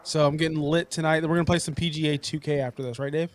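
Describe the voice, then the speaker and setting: A man hosting a casual sports podcast, keeping things moving with jokes and questions. His voice sits a bit higher than most men's. He teases his guests and steers the chat. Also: fast. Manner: lively, joking, leads the talk. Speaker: podcast host.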